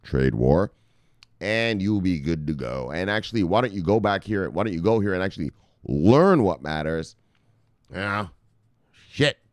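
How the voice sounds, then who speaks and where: A man hosting a crypto news show, talking casually and brashly to his viewers, swearing often and reading out viewer shout-outs. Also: deep voice, animated, measured pace, no room sound, clean studio sound. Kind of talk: casual profane market commentary to viewers.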